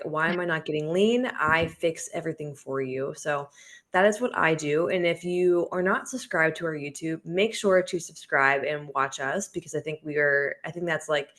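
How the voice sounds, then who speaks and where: A woman's voice: deep voice, a bit bright. A woman co-hosting a casual health podcast, a fitness coach who talks in a chatty way, with lots of ums and likes. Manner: chatty, many ums and likes, laughs easily.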